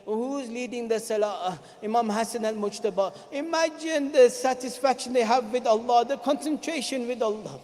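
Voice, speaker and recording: Man, very high voice, mourning sermon, chanting and crying out, long reverb of a large hall. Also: moderate pace, few pauses, a little mellow. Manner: chants and cries out lines in a mourning melody. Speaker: preacher.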